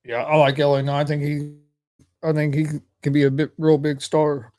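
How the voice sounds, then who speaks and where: Flat-voiced young man co-hosting. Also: fairly high pitch. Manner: halting, repeats words when starting. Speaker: co-host. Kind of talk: casual sports chat.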